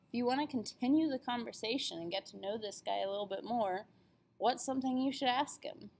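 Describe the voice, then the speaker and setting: A woman's voice: a little high, brisk, darkish tone. Upbeat woman teaching a language class. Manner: upbeat, clear and careful over pronunciation. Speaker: French teacher. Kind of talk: classroom lesson video.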